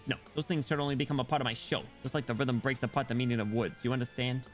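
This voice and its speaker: A man's voice: medium pitch, steady tone, rapid-fire, soft background music, lightly acted. A man voicing a smug, boastful penguin rap star while reading a game story. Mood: cocky. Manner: cocky and boastful.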